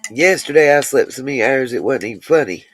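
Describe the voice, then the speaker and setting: With a rumbling low voice that's fairly bright and a bit rough, this woman hosts a casual livestream in a dry recording. She talks directly to viewers, chatting and replying to their comments as they arrive, often stretching out into lengthy asides.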